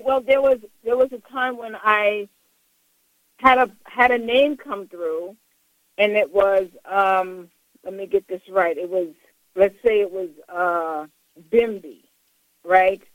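A woman talking as a psychic medium guest in an interview, recalling stories with halting, repeated words. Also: medium pitch, dry recording, low-quality recording. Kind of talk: casual interview talk.

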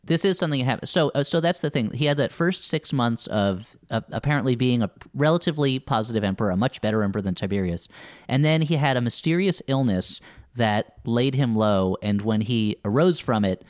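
A man's voice: mid-range voice, animated, brisk. A man co-hosting a podcast, casually explaining history with frequent restarts. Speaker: podcast co-host, history expert. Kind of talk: casual chat.

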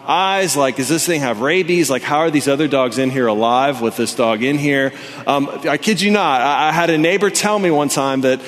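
A man in his thirties preaching a sermon in a church, telling a personal story in an animated, casual way with many fillers. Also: a little high. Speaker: pastor. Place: church hall with congregation. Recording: long reverb from a large hall.

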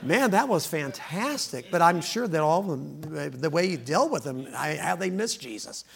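A man's voice: on the high side, very animated, normal speed, creaky. A middle-aged man, preaching as a guest and joking with the congregation. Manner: folksy, joking, laughing between lines. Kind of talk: sermon with joking opening remarks.

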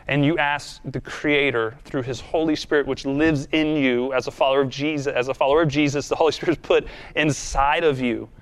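A man's voice: mid-range voice, fairly bright tone, smooth. A man preaching a sermon in a conversational, earnest and self-deprecating way, then leading a prayer. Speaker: pastor.

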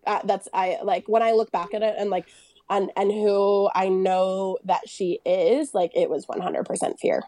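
A woman's voice: mid-range voice, moderate pace, no room sound. Chatty woman, dry sound. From United States. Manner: animated storytelling, acts out quoted remarks, laughs often. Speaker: guest, photographer and business owner. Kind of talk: casual podcast conversation.

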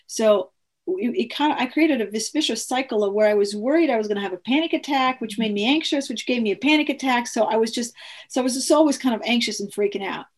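A woman's voice: fairly high pitch, fast. Earnest woman telling a personal story. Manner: earnest, animated retelling with quoted dialogue; frequent restarts and fillers.

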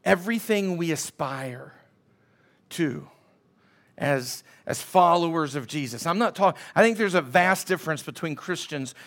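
High-voiced, unhurried preaching man. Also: expressive, a bit bright. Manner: emphatic preaching with call-and-response to the congregation. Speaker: pastor. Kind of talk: sermon.

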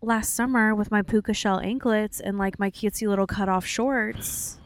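A woman's voice: medium pitch, steady tone, normal speed. A woman co-hosting a casual podcast, talking in a candid, chatty, easygoing way. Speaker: podcast co-host. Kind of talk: casual chat.

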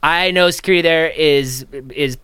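A young man with a bright, clear voice tells a story in casual chat. He is animated and swears freely. The sound is dry and close. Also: a little high, normal speed, no echo. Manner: animated storytelling, swears, mimics people he quotes. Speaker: podcast co-host telling a story.

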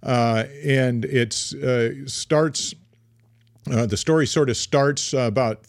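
An older man co-hosting a podcast in casual chat, halting with many fillers and restarts, teasing his partner. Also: medium pitch, dry recording, clean studio sound. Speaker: podcast co-host. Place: small home studio. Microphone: studio microphone.

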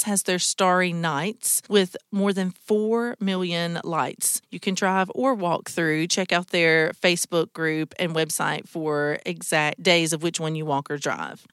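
A woman's voice: on the low side, fairly bright tone, clean tone, dry recording. A woman hosting a radio travel show, giving practical tips in an upbeat, chatty way from a studio.

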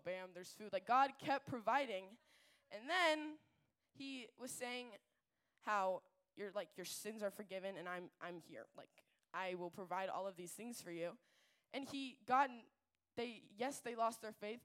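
A young woman giving a casual faith talk to a group, chatty and animated, full of fillers and asides. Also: mid-range voice, moderate pace, clean tone. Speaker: youth speaker.

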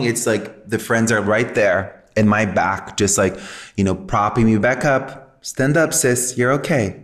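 Low-voiced man, reflective and near tears. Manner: reflective, earnest, spiritual wording. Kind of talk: heartfelt conversation.

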